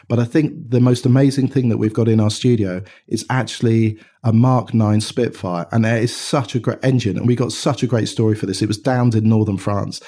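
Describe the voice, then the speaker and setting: A middle-aged man from England, a watch company founder, telling an animated anecdote in a casual interview. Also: lowish voice. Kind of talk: conversational storytelling.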